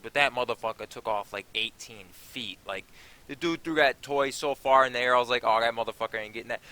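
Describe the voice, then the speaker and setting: A man's voice: mid-range voice, bright, forceful tone, slight background noise. A young man narrating his own vlog in a rambling, offhand way, swearing freely. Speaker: vlogger.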